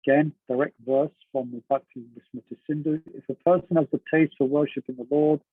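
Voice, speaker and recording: A man's voice: on the high side, fairly even intonation, fairly quick, breathy edge, no room sound. A man teaching a class on a devotional text in a conversational way, asking his students questions and laughing often. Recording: dry, narrow phone-like sound.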